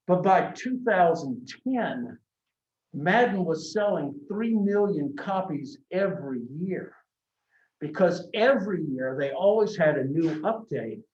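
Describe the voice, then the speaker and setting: A man's voice: fairly high pitch, darkish tone. A middle-aged man gives a college lecture in a roomy, echoing classroom. He sounds set back from the microphone, and the recording is dull and muffled. His talk is loose and anecdotal, full of restarts. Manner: conversational, anecdotal, frequent restarts. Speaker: college marketing instructor. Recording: echoey classroom from a distant mic, dull sound.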